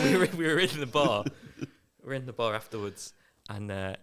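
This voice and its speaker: A man's voice: mid-range voice, animated, moderate pace, a loud crowd. A man hosting a comedy podcast, telling an improvised story with stumbles and repeated words. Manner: rambling, stumbling over repeated words, laughing at own bits.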